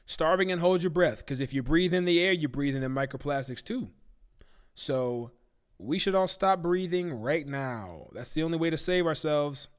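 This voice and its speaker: A man's voice: a little high, lively intonation, normal speed, smooth. A man hosting a live-stream talk show, ranting casually with profanity and disbelief. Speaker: livestream talk show host.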